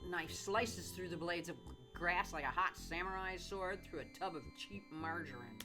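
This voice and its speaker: A woman's voice: on the low side, moderate pace. A middle-aged woman from the United States reading game text aloud with wry, dry asides, over game music. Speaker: mother playing a game with her son.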